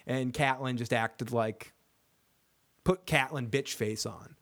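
A man hosts a casual TV recap show as a podcast host, joking, swearing and rambling with frequent laughs while he reads chat comments. His medium-pitched voice is a bit bright, and his pace is measured.

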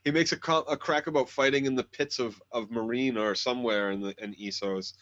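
A man co-hosting a casual recap chat who keeps adding details and correcting his partner. His voice sits in a middle pitch. The audio is dull and lo-fi. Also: fairly even intonation, brisk, fairly bright tone. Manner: chatty, adds details and corrections. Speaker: podcast co-host.

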